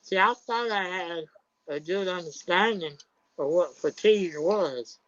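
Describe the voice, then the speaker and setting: A woman's voice: on the low side, measured pace, no echo. A woman joining a casual talk show as a caller, speaking in an easygoing, plainspoken way. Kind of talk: casual chat. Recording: dull lo-fi line with faint noise.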